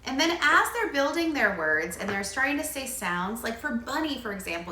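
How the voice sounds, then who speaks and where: Woman speech therapist coaching parents, bright, fairly high voice, explanatory with playful animal-sound modeling, echoey room. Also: big pitch swings, normal speed, hardly any pauses, slight background noise. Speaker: speech-language pathologist. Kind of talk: demonstrating play strategies to parents.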